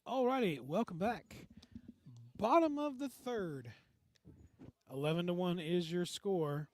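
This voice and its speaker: A man calling play-by-play for a local radio baseball broadcast, with relaxed, folksy banter between pitches. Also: slow, a little hiss or hum. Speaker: play-by-play announcer.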